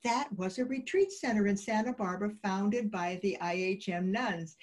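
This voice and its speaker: A woman guest in an interview, telling lively anecdotes and acting out the dialogue of the people in them. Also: mid-range voice, normal speed. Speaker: guest, peace advocate. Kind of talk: interview storytelling.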